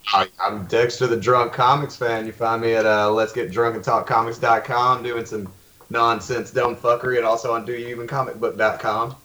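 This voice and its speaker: A man's voice: mid-range voice, fairly even intonation, moderate pace, bright, forceful tone, roomy sound. A man with a Southern accent, a guest on a casual podcast chat, rambling and swearing freely. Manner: rambling, profane, loses his thread.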